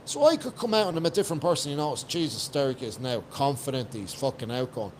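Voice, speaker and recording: A man's voice: mid-range voice, lively intonation, fast, a little mellow, slight background noise. An Irish man from Ireland, a guest coach on a podcast, talking in a blunt, emphatic way and swearing freely. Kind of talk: casual podcast chat.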